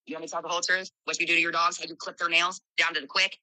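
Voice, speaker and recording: A brash woman runs a live stream, moderating and scolding callers with a foul mouth. Her voice is intensely bright and forceful, with a dry, close sound and no room around it. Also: fairly low pitch, little pitch movement, racing, dry recording, poor audio. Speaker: livestream host.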